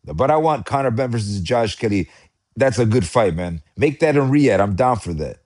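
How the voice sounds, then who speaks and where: American guy rambling excitedly about boxing, voice jumps all over, repeats himself a lot. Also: mid-range voice, normal speed. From United States. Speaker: boxing commentator. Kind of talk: casual live chat.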